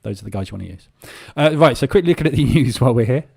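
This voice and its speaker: A man's voice: mid-range voice, animated, fast, gravelly, darkish tone, husky. Chatty man, full of ums. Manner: casual, rambling, many filler ums. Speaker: trading room host. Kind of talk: live market commentary.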